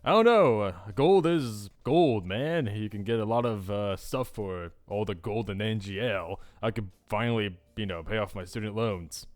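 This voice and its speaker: A man's voice: fairly low pitch, moderate pace, hardly any pauses. A young man hosting a let's play of a visual novel, with goofy, rambling asides. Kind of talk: casual commentary on a visual novel.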